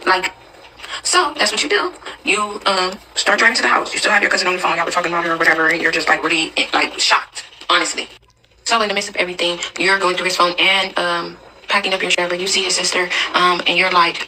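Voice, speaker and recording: A woman telling a personal story in casual second person, chatty and quick. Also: fairly low pitch, pushed and bright, slight background noise, rough recording.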